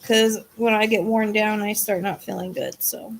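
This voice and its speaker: Here a woman with a mid-range, steady voice talks at normal speed over slight background noise. As host of a psychic livestream, she chats informally with viewers, sounding exhausted as she rambles, restarts her sentences and drifts off mid-thought.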